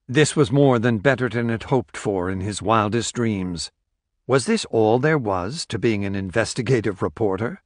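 A man reading a story aloud as audiobook narrator in a steady, measured way. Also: fairly low pitch, no room sound, studio quality. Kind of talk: scripted narration.

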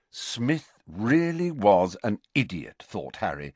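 A man narrating an audiobook with an animated, dramatic reading. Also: mid-range voice, measured pace, dry recording. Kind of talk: scripted narration.

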